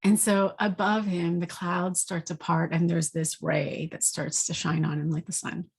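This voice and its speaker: A woman, an intuitive energy coach, giving a spoken forecast with gentle, vivid storytelling. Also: lowish voice, level tone, measured pace, gravelly, slightly rough.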